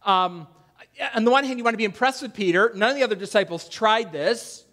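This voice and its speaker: A male pastor preaching a conversational sermon, acting out quoted lines with a raised, louder voice. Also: fairly quick. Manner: conversational preaching, acts out quoted voices with rising pitch and loudness. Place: church.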